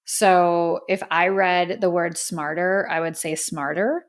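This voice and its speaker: A woman's voice: on the low side, steady tone, takes it slowly. A woman hosting a podcast, giving a casual, candid music review with plenty of fillers and opinions. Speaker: podcast host.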